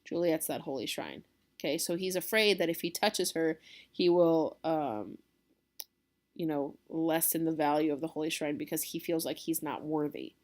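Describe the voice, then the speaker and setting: A woman's voice: sits low, normal speed, a little mellow. A woman teacher giving a casual classroom lecture, explaining a play and checking in with her students.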